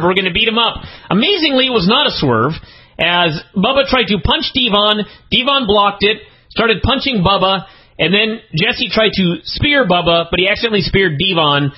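Exasperated man with a husky, lively voice. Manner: exasperated, incredulous, swings pitch up for emphasis. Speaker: podcast co-host reviewing wrestling TV. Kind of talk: casual comedic review chat. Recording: dull lo-fi podcast audio.

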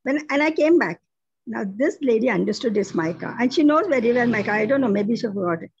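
A woman's voice: a little high, lively intonation, brisk, breathy edge, muffled recording. A woman sharing a personal testimony in a prayer group, telling it earnestly with frequent restarts.

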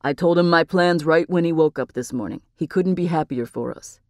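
A woman voicing an earnest, devoted young man in an audiobook, in a plain, even tone. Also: sits low, fairly quick, no echo, studio quality, natural voice. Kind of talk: audiobook character voice.

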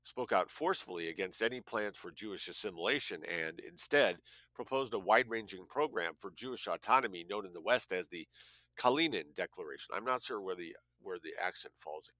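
Low-voiced man reading a history book aloud. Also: pushed and bright, dry recording. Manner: spells out words letter by letter and adds blunt comments. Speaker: audiobook reader. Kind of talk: reading nonfiction aloud with spoken asides.

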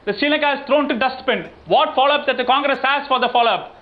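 A male panelist argues emphatically on a televised debate, cutting across the other speakers. His voice sits very high. It comes through a narrow, phone-like remote link. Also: quick pace. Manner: emphatic, talks over others. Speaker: panelist, youth organisation founder.

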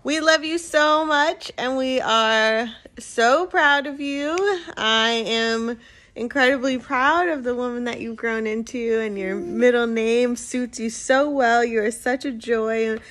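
Slow, tender woman's birthday message. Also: on the high side, steady tone, a bit bright. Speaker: aunt recording a birthday message with her kids. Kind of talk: casual home video message.

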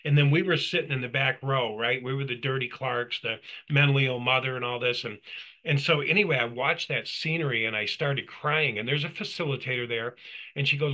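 A man's voice: mid-range voice, fairly quick, pushed and bright, poor audio. A middle-aged man co-hosting a casual talk, telling his story with animation and acting out the quotes. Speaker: co-host. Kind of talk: casual testimony chat.

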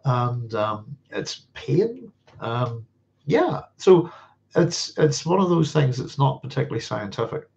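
A man's voice: medium pitch, sing-song, takes it slowly, creaky, a little mellow. Guy hosting a live sci-fi q&a, lots of ums and false starts, chuckles a bit, muffled lo-fi sound. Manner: hesitant, rambling, many fillers and restarts; chuckles often. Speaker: host of a live science fiction Q&A. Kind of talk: casual livestream chat answering viewer questions. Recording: dull lo-fi sound.

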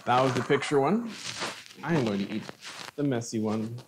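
Brief: middle-aged male cooking host, chatty, mid-pitched, tastes and comments on food on a live stream. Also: expressive, moderate pace, noisy background. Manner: chatty, savoring food between remarks.

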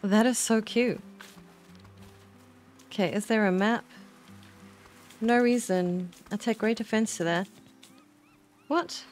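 A woman's voice: mid-range voice, slow pace, pauses often. A woman streamer giving casual, gushing commentary while playing a game, often exclaiming. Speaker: gaming streamer. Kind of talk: casual let's-play commentary. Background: faint game music.

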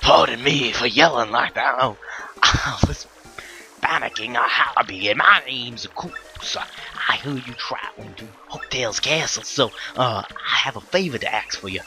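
A man's voice: medium pitch, lively intonation, unhurried, bright, forceful tone, exaggerated voice. A man voicing a nervous young male villager from a video game, reading the lines aloud in a raised voice over game music. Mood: flustered.

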